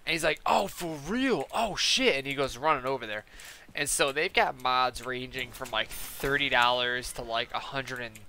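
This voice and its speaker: A man's voice: medium pitch, fairly even intonation, moderate pace, pushed and bright, slight background noise. A man streaming a game and rambling through a funny anecdote, full of fillers. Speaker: gaming streamer. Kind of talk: casual storytelling while gaming.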